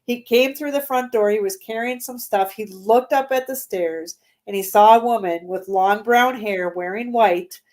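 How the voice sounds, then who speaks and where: A woman's voice: medium pitch, normal speed, few pauses, darkish tone. Chatty woman telling ghost stories. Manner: chatty, laughs often, many fillers. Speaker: guest. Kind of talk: casual interview storytelling.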